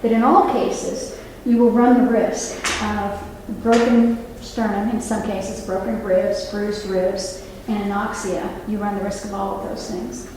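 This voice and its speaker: A woman's voice: mid-range voice, flat delivery, unhurried, few pauses, noisy background. A woman over sixty-five, a nurse, giving an earnest public talk to an audience and turning to the room with asides and questions. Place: library meeting room. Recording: echoey hall, mic from a distance.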